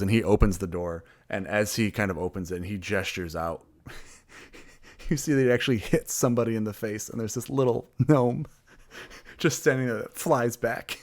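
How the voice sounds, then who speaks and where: A man as game master and podcast host, narrating scenes and chatting with animated, laughing energy. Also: lowish voice, normal speed. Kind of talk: casual chat after an improvised scene.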